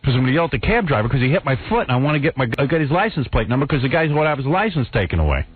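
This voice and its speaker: A radio host tells a long story, and his pitch leaps up and down as he acts out each line. His voice is a little husky. The sound is dry and narrow, like it comes over a phone line. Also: very fast. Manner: animated storyteller acting out quotes.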